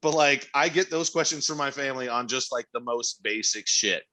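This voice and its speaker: Bright-voiced, profane male co-host. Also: mid-range voice, moderate pace. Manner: profane, laughing storyteller. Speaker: podcast co-host. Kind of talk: casual chat.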